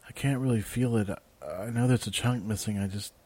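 Faint sleepy scout girl, teasing even while hurt, man reading her, low dry voice. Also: fairly quick, husky, no echo. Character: wounded young woman scout, wry.

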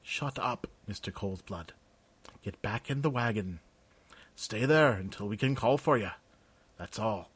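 A man voicing a blunt male army sergeant who speaks firmly in a clipped, quietly threatening way. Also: lowish voice, animated, a little slow, long pauses, slightly rough, dry recording, exaggerated voice.

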